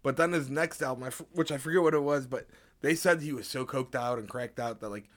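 A young man co-hosting a podcast talks fast in a medium-pitched voice. In this casual chat he laughs often and mimics radio voices.

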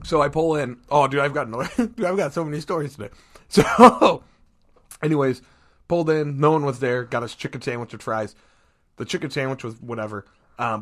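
A chatty man with an Ohio accent, talking with a friend on a casual podcast. He meanders through anecdotes, slips into little voices for the people he quotes, and laughs along with his own stories. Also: mid-range voice. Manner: rambling storyteller, acts out quotes in voices; laughs often while telling stories. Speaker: podcast co-host. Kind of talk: casual chat.

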